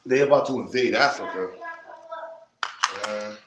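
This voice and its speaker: A man in an unhurried, mid-range voice hosts a livestream, ranting heatedly and rambling in blunt street slang. The sound is roomy, with loud noise in the background.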